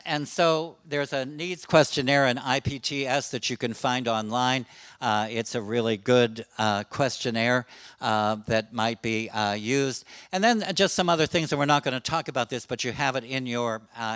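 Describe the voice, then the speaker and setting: Bright, crisp-voiced man giving a talk. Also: fairly high pitch, no room sound. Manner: chatty and self-deprecating, with many fillers. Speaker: presenter on suicide prevention. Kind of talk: conference talk to a live audience.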